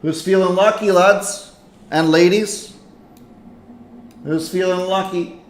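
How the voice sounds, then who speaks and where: A high-voiced man hosts a live stream, chatting in an unhurried, drawn-out way and getting excitable as he calls out names. His voice rings in an echoey room with a faint hiss behind it. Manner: chatty, excitable, reacts loudly to a game. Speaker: livestream host. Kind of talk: casual live-stream commentary.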